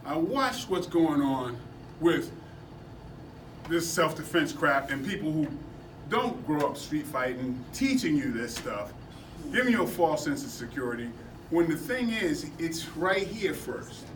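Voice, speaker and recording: A man telling animated stories to a seminar class, laughing often as he talks. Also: fairly high pitch, a little slow. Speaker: martial arts seminar instructor. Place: indoor seminar room at a convention. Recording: echoey room, distant from mic, background noise.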